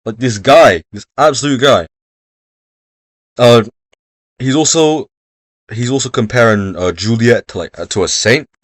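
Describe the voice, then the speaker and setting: A man's voice: mid-range voice, unhurried, long pauses, no room sound, studio quality. A young man giving casual, jokey exam revision talk, rambling and swearing freely. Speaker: revision video host.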